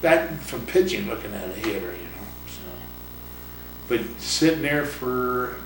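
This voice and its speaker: An older man, a retired pitcher and coach, telling rambling stories in a casual interview, chuckling and acting out the voices of others. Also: lively intonation, a little slow. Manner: rambling anecdotes, acts out voices, chuckles often. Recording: roomy, distant mic, noisy ambience.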